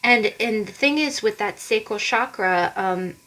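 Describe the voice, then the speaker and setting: A woman's voice: mid-range voice, a little slow, sharp tone, low-quality recording. A woman giving a casual tarot card reading to viewers, chatty and encouraging, often repeating herself.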